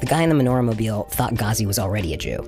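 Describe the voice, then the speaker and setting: A man narrating a scripted radio story in a husky voice, with a dramatic delivery. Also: fairly low pitch, big pitch swings, very fast, a little mellow, faint music behind. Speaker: podcast host narrator.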